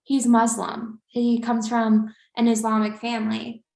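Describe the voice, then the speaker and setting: A woman's voice: on the high side, monotone, a little slow, vocal fry, a little mellow. A young woman co-hosting a podcast, telling a story in casual chat with lots of fillers along the way. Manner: rambling, filler-heavy storytelling. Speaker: podcast co-host. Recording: roomy echo.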